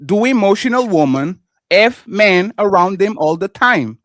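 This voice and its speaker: A man's voice: high voice, expressive, measured pace, fairly bright tone, no echo, studio quality. A man with non-native English, co-hosting a live panel and arguing hard, cutting in again and again. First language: not English. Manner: combative, repeats "sir" and "stop being emotional" to cut in. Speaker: co-host. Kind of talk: heated live panel argument.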